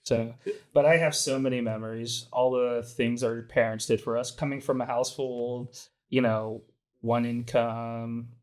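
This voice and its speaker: A man's voice: medium pitch, level tone, unhurried, a little mellow. A man co-hosting a casual podcast about fatherhood, easygoing and talkative, often ending points with "right?". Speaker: podcast co-host, new father. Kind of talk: casual chat.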